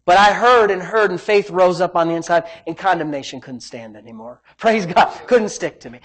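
A man's voice: high voice, expressive, fairly quick, few pauses. A male pastor preaching a sermon in an emphatic, repetitive way, often breaking in with praise. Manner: emphatic, repetitive, frequent "praise God" interjections.

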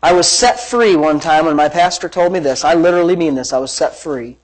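A pastor delivers a church sermon with driving energy. The preacher hammers points home through repetition and rhetorical questions, pitched in an ordinary middle range. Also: a little fast, poor audio. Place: church service.

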